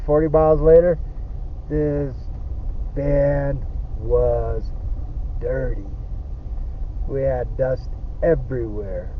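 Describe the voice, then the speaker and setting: An older van-life vlogger, out of breath outdoors in the mountains, chats casually with his viewers on a road-trip vlog, rambling in a folksy way. His voice is mid-range, and the audio is narrow and tinny with slight background noise.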